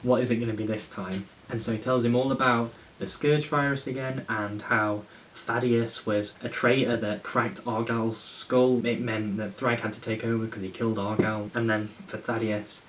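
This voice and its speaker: A man's voice: mid-range voice, fairly even intonation, normal speed, fairly bright tone. A man talking through a casual review, rambling and enthusiastic, swearing when he gets worked up. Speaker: comic reviewer. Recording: faint hiss, slightly distant mic.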